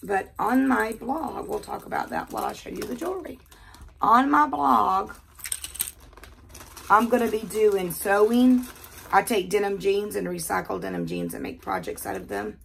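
Older woman, Southern accent, gravelly fry, chatty unboxing talk, faint background hiss, quiet bedroom. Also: mid-range voice, lively intonation. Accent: Southern American. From American South. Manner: chatty, fast-talking, repeats words. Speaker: jewelry unboxing vlogger. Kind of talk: casual chat while unboxing.

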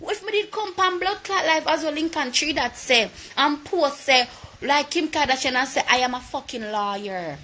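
A Jamaican woman tells a heated, profane story to her viewers in a live video. Her voice is bright and forceful and sits a little high. A faint hum of room noise sits behind her. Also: animated, normal speed. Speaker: vlogger.

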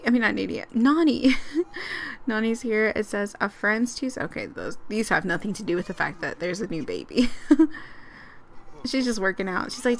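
A young woman giving chatty, excitable let's-play commentary with frequent giggles. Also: mid-range voice, normal speed, gravelly. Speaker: gaming channel host.

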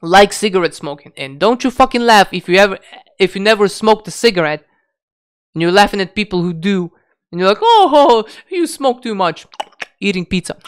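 Profane, blunt man with a smooth voice. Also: high-pitched, a little fast, fairly bright tone. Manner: profane, blunt, many restarts and fillers. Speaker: diet vlogger. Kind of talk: unscripted rant to camera.

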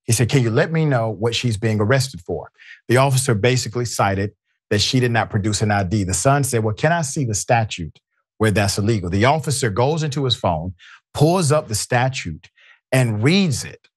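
A man's voice: mid-range voice, lively intonation, normal speed, husky, dry recording, studio quality. A man hosting a news commentary show, speaking emphatically and indignantly as he directs the crew and walks through a story.

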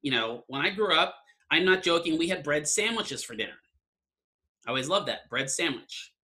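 A man's voice: fairly high pitch, expressive, moderate pace, bright, forceful tone. A man lecturing an online class in a casual, conversational way, often checking in with "right?". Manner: conversational, keeps asking "right?".

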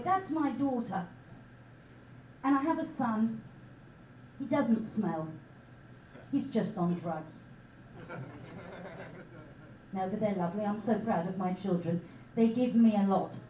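A woman with an English accent performs stand-up in a small bar. Her voice is high and swoops widely as she drawls out sarcastic jokes slowly and sweetly. She sounds distant and roomy, with faint bar noise underneath. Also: dark tone. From England and Israel. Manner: dry, mock-sweet sarcasm. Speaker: stand-up comedian. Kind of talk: stand-up set. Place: small comedy bar stage.

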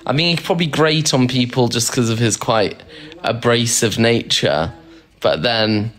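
A man's voice: medium pitch, measured pace, a bit bright. A man co-hosting a casual live stream, chatty and amused, reading out comments and calling his partner darling.

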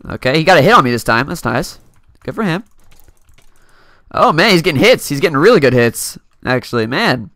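Young male gameplay commentator, bright, animated delivery, playful and teasing, dry close-mic sound. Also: on the high side, a little fast, pauses often, no echo. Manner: playful, laughs often, talks to opponents. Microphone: desk mic.

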